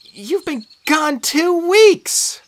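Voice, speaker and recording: A narrator voicing a fierce, emotional teenage girl demigod in an audiobook, shrill and close to yelling. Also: expressive, very slow, exaggerated voice. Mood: upset. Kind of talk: audiobook character voice.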